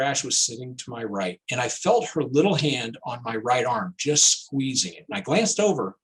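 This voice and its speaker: A man's voice: a little high, poor audio. A middle-aged man, a financial advisor, giving an educational talk and telling a personal story in a conversational way. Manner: conversational, storytelling with quoted dialogue.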